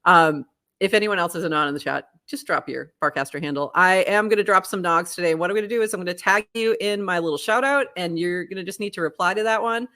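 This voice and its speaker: A middle-aged woman from the Boston area, her Boston accent mostly softened, co-hosting a podcast in casual, laughing chat. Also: on the low side, fast. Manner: chatty, laughs often, animated. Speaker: podcast co-host.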